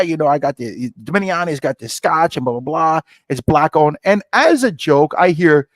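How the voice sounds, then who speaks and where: Middle-aged male guest, energetic storyteller who acts out both sides of a conversation, dry close mic. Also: a little high, fairly quick, few pauses, dry recording. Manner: lively storyteller, acts out dialogue with rising excitement. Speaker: scotch company founder, guest. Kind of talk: animated storytelling interview.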